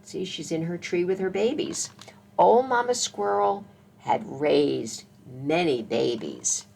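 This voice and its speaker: A woman librarian leading a children's story time, reading aloud slowly and gently, coaxing the kids to join in. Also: lowish voice, animated, gravelly, slightly rough.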